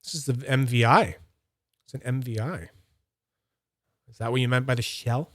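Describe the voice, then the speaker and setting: A man talks his live chat through a hands-on tinkering demo, narrating each step as he works. His voice sits at an ordinary middle pitch. The sound is dry and close, with no room echo. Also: moderate pace, a bit bright. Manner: chatty, explains each step aloud. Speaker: fidget toy streamer.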